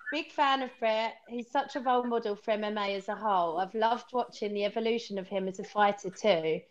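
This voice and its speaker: A woman's voice: medium pitch, a little fast, highs cut off, a little hiss or hum. A woman hosting a casual video call chat, laughing often and reading out viewer questions. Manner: giggly, reads viewer questions. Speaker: host.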